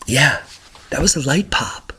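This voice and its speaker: A man hosting a news update, giving casual commentary over clips in an excitable, sarcastic way with sudden loud outbursts. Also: medium pitch, measured pace, a little hiss or hum. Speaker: host of a news update channel.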